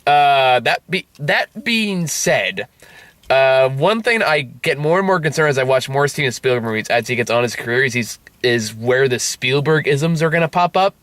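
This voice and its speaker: A man's voice: medium pitch, expressive, moderate pace, fairly bright tone, no echo. A man reviewing a film in loose casual chat, rambling and swearing freely. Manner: loose and profane, rambling asides.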